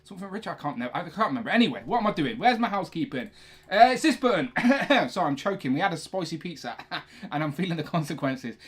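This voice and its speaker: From his own room, a young man hosts a casual toy collecting livestream, rambling chattily and often correcting himself. His voice is slightly high, sing-song, quick, and a bit rough.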